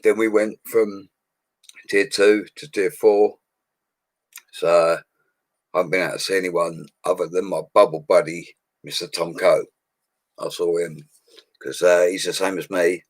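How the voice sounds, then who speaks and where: Chatty bloke, low and dry. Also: male voice, fairly even intonation, measured pace, long pauses, no room sound. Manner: chatty and upbeat, laughs a lot, slangy. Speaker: livestream host reading viewer comments. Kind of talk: casual live chat. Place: home studio.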